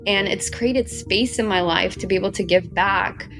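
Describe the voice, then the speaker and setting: A woman's voice: medium pitch, moderate pace, music in the background. A woman from Ukraine, a guest entrepreneur on a podcast, talking earnestly and emphatically, stringing her clauses together. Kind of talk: podcast interview.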